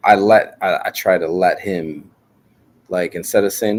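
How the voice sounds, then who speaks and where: A man's voice: low-pitched, fairly even intonation, moderate pace, a little mellow. A man talking casually on a podcast, rambling and joking with plenty of swearing. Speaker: podcast guest. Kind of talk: casual chat.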